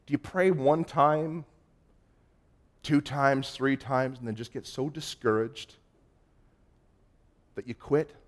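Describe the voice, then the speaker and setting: A man preaching a sermon as pastor, moving between loud emphasis and hushed, quiet passages and acting out quoted voices. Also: medium pitch, steady tone, slow pace, pauses often.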